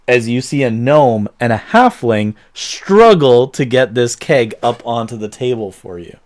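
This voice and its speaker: A man narrating a tabletop game as game master, loose and animated, swearing freely. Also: medium pitch, a little slow, hardly any pauses. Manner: animated, voices tavern folk, swears freely.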